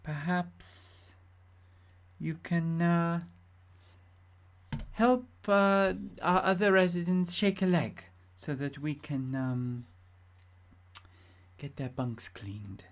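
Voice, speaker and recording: A woman voicing a female gremlin crew member in a game stream, with a put-on accent that drifts and halting, hesitant delivery. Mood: coaxing. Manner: halting, raised pitch, hesitant fillers.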